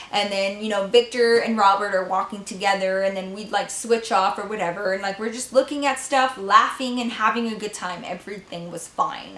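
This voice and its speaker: A woman in her twenties telling a storytime vlog, profane and animated, talking straight to her viewers. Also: medium pitch. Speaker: vlogger. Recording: echoey room.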